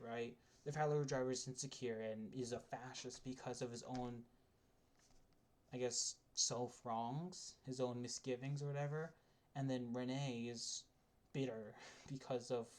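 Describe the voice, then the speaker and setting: A man's voice: medium pitch, a little mellow. A man delivering a casual, rambling spoken rant as a video essayist, with frequent restarts and the odd swear.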